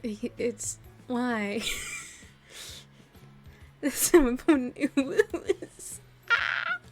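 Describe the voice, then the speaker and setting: Slow-talking giggly young woman. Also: high-pitched, very animated, soft background music. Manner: giggly, self-mocking, trails off often. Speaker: group art stream participant. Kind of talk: casual chat.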